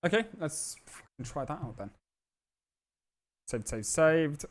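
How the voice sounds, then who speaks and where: A man's voice: on the high side, animated, slow. A man livestreaming while he tinkers with electronics, talking to himself in a profane, muttering way.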